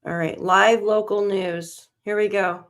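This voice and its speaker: Medium in pitch and a little slow, the woman speaks with fairly even intonation. Rattled and jittery, she hosts a missing child live stream and mutters to herself while combing for news.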